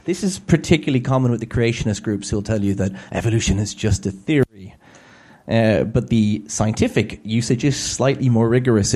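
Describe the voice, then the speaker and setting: A man's voice: medium pitch, dark tone. A man giving a humorous public talk to an audience, sardonic, with joking asides.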